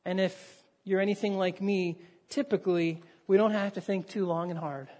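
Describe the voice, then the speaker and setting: A man's voice: sits high, fairly even intonation, moderate pace, darkish tone. A male pastor delivering a sermon, telling a story with acted dialogue and raising his voice for emphasis.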